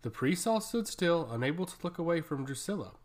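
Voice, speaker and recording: Guy reading a fantasy audiobook, steady and even, slightly high voice. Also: a little fast. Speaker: narrator. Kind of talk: scripted fantasy audiobook narration.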